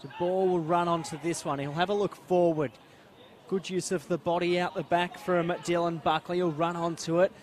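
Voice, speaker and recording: A man's voice: sits high, flat delivery. Australian man calling football play-by-play. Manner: rapid play-by-play, rising to shouts at big plays. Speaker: play-by-play commentator. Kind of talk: live sports commentary.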